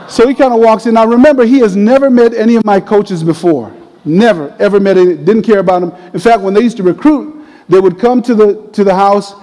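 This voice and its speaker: A middle-aged man telling a personal story in a lively, casual way, laughing often. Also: high-pitched. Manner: animated, laughs often, uses casual fillers. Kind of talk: storytelling talk. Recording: long reverb of a large hall.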